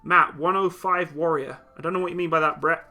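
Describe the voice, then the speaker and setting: A man's voice: fairly high pitch, fairly even intonation, a little fast, sharp tone, faint music behind. Blunt teasing male streamer. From Britain. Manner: blunt, teasing, reads chat comments aloud. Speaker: livestream host answering chat questions. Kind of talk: casual live Q&A chat.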